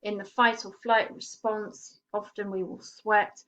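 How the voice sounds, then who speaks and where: A woman walks her students through a poem line by line. She explains each image at a measured pace and leans hard on the words that matter. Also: medium pitch, little pitch movement, a bit bright, highs cut off. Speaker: teacher. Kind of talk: poetry lesson, explaining text.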